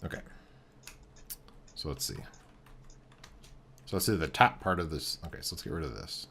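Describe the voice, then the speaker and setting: A man thinking aloud in casual commentary as he builds in a game. He talks in a relaxed, halting way, full of fillers and restarts. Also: rumbling low, gravelly, a little hiss or hum. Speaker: game streamer.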